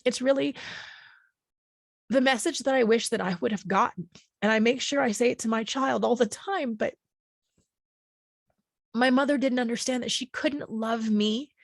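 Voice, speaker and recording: A woman podcast host with a fairly high voice speaks softly and openly about her healing, close to tears. Her phrases are gentle and soothing, and some stretch out slowly. The sound is dry and close, with no room around it. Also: gravelly, no room sound. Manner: gentle, emotional, soothing, with slow drawn-out phrases. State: emotional, near tears. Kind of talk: reflective personal talk on healing.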